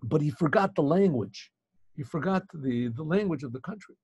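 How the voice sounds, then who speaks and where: A man, a rabbi and teacher, telling a story in an animated way, often restarting and repeating phrases, over a video call. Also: fairly high pitch, moderate pace, breathy edge, dry recording. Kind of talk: storytelling talk.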